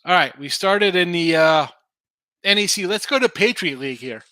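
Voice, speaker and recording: A man's voice: high-pitched, expressive, moderate pace, pushed and bright, no room sound, clean studio sound. A man hosting a sports betting show, casually running through picks and answering viewers. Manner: loose, rambling, answers chat comments. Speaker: sports betting podcast host.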